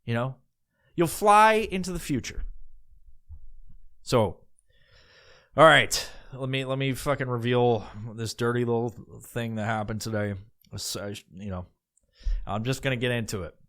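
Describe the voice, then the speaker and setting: A man's voice: mid-range voice, a little slow, long pauses, a bit bright. Foul-mouthed man rambling through a comic story. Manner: crude, profanity-laden, rambling. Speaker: podcast host.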